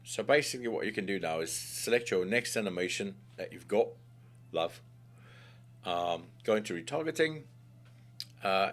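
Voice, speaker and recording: A man hosting a software tutorial in a chatty, playful way, full of jokey asides and calling the viewer mate and love. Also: fairly low pitch. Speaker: tutorial host. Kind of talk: screen-recorded software tutorial.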